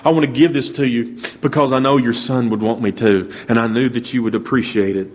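A man's voice: medium pitch, fairly even intonation, fairly quick, voice pushed down, lightly acted. A man voicing a modest young soldier who speaks earnestly and hesitantly.

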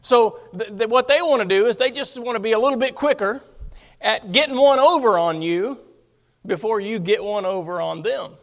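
High-voiced man preaching a sermon. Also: normal speed. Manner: emphatic, rhetorical questions to congregation. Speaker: pastor.

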